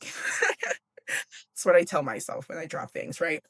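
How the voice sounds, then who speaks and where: A woman's voice: deep voice, slow pace, a bit bright. A young woman hosting a book podcast, chatty and giggly, casually swearing as she recaps a classic novel.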